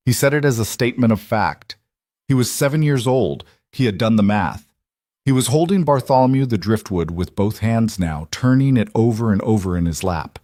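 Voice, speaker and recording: Low-voiced male story narrator. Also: animated, moderate pace, a little mellow, no echo, studio quality. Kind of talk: scripted narration.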